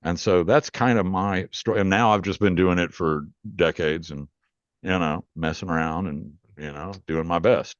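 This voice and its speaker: Guy with a low voice telling his backstory on a podcast, earnest and rambly, kinda muffled dry audio. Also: normal speed, dry recording. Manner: plainspoken, earnest, rambling storyteller. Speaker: guest, rootworker and author. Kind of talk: storytelling in a podcast interview.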